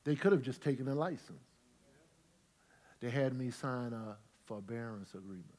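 A middle-aged male pastor preaching, swinging from quiet storytelling to loud, shouted praise. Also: mid-range voice, normal speed. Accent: St. Louis Black American Southern-tinged. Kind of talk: preaching a Bible study sermon. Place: church sanctuary with congregation.

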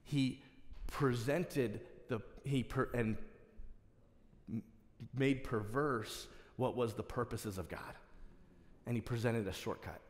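A man's voice: medium pitch, slow. Man preaching in a reverberant church. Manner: passionate, builds to emphatic exhortation. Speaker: pastor. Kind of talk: sermon. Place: church sanctuary. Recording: long reverb of a church hall.

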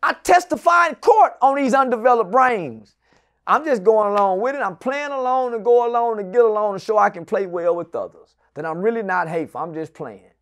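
A man in his forties telling stories as an interview guest, loud and profane, often shouting and then dropping into low muttered asides. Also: lively intonation, brisk. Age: 40s. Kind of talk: animated storytelling in an interview.

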